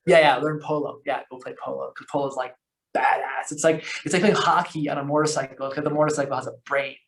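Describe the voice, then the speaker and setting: A man telling long stories as a podcast guest, rambling and animated, with lots of fillers, restarts and slang. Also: fairly high pitch, fast, vocal fry. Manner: slangy, calls the host bro. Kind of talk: casual storytelling conversation.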